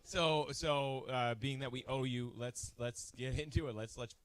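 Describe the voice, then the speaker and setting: A man's voice: mid-range voice, steady tone, a little slow, smooth, dry recording. A man hosting a comedy show, chatting loosely on stage with a lot of fillers. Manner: loose, hesitant, filler-heavy. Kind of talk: casual stage banter.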